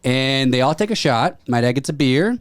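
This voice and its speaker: A man's voice: medium pitch, normal speed, dry recording. Man telling a story, dry close sound. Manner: animated retelling with quoted voices. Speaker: podcast co-host. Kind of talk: casual storytelling chat.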